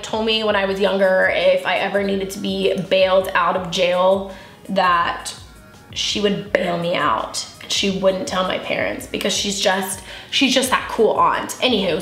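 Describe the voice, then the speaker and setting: Faint music drifts through an echoey room as a beauty vlogger in her twenties does a relaxed get-ready-with-me chat. Her medium-pitched voice has a fairly bright tone, and she comes across as candid, giggly, emotional and open.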